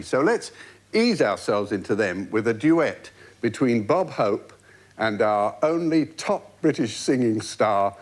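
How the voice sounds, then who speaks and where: Wry male host with a lively lowish voice. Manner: wry, arch. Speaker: host, narrator. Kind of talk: scripted link narration.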